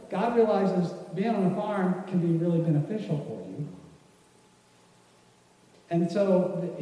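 Guy teaching a church group, high mellow voice, loose rambling talk, heard from far off in a big echoey hall. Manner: casual, rambling, many restarts. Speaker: church class speaker. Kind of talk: folksy teaching talk with a story.

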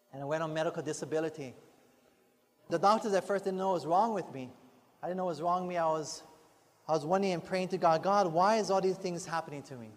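A man preaching a sermon in a church, earnest and conversational, often adding rhetorical asides to the congregation. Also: on the high side. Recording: long hall reverb, faint music behind.

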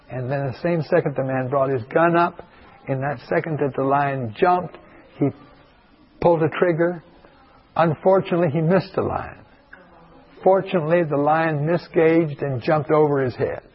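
A male pastor with a gravelly, slightly husky voice, spinning a folksy story for an audience. He wanders off into asides and circles back again. The recording is dull and lo-fi. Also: a little high. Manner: rambling, digressive, full of asides.

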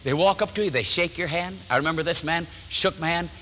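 A man's voice: fairly high pitch, a little fast, long reverb tail, slight background noise, low-quality recording. An older man preaching a sermon in a church sanctuary, telling stories and acting out what people said. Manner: warm storytelling, acts out quotes, chuckles often. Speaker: pastor.

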